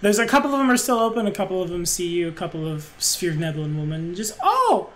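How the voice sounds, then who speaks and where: A woman's voice: fairly low pitch, quick pace. A woman narrating a tabletop game as game master, in an easygoing manner.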